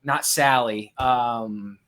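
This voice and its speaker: Bright-voiced man rambling through movie commentary. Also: medium pitch, steady tone, extremely slow, slight background noise. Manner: rambling, profane, loses his train of thought. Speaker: co-host. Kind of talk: casual live movie commentary.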